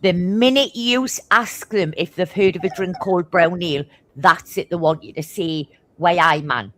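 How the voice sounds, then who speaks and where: A middle-aged woman from Newcastle with a thick Geordie accent and a slightly low voice. She tells stories fast and bluntly, with swearing in nearly every line. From Newcastle, England. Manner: swears constantly, blunt and animated; talks fast. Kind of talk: casual chat, storytelling.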